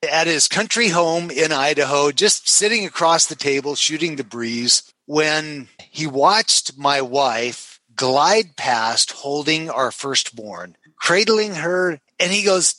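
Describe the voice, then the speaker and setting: Bright-voiced middle-aged man telling stories. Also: lively intonation, slow pace, few pauses, no room sound, low-quality recording. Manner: dramatic, acts out quotes with shifting pitch. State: emotional. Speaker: podcast guest. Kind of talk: animated storytelling.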